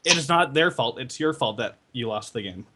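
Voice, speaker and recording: A man's voice: mid-range voice, lively intonation, brisk, noisy background. A man on a casual gaming podcast giving blunt advice about owning your losses. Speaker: podcast co-host.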